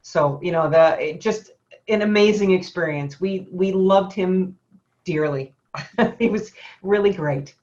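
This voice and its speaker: On a webinar, a woman photographer who owns a studio rambles through a long story, full of fillers and laughs. Her voice is fairly low, measured, and a little mellow, heard through lo-fi sound.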